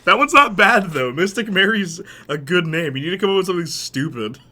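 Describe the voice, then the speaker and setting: A man's voice: high-pitched, expressive, fairly quick, pushed and bright. A man commentating over gameplay in a joking, playful way, laughing often. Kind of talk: let's play commentary.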